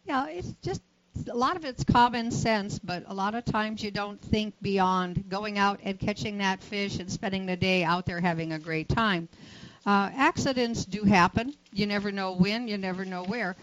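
A woman's voice: medium pitch, moderate pace. Matter-of-fact woman instructor, dull lo-fi sound. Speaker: boating safety instructor, guest. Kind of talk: radio interview.

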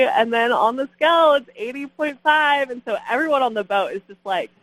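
A woman's voice: high voice, a little fast, fairly bright tone, no echo, rough recording. Young woman on a radio fishing show, giggly, lots of likes and you-knows, dry close sound. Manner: laughing, lots of "like" and "you know". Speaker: guest angler. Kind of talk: casual storytelling on a radio show.

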